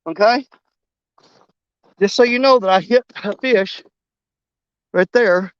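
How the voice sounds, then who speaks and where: A man narrating a fishing trip on a snowy riverbank in a folksy, excitable way, talking straight to his viewers. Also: high-pitched, takes it slowly, pauses often, clean tone, no echo, highs cut off. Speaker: fishing vlogger. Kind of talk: casual outdoor commentary.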